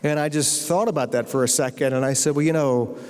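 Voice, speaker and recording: An American guest lecturer and novelist tells a comic story in a university lecture hall, anecdotal and with good comic timing. His voice is on the high side with a darkish but clean tone, a little fast, and the hall adds long reverb.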